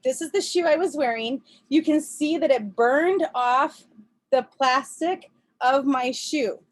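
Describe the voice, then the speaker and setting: A woman's voice: high-pitched, measured pace. A woman chatting casually on a video call from a camper, telling a story with frequent laughs, fillers and restarts. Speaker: presenter.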